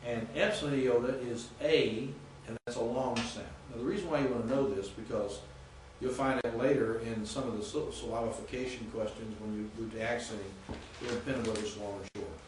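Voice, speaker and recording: A male professor giving a classroom lecture, patiently spelling out Greek sounds and repeating words slowly. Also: medium pitch, fairly even intonation, a little mellow. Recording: echoey classroom from far off with faint noise.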